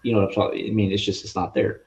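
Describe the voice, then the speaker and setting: A man giving a guest's personal faith testimony in an interview, in an earnest, halting and rambling way over a video call. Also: lowish voice, little pitch movement, darkish tone. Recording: muffled lo-fi audio.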